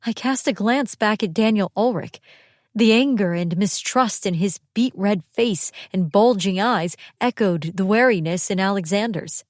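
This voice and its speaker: A woman reading a first-person audiobook narration in a steady, tense storytelling manner. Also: mid-range voice, measured pace, dry recording, studio quality.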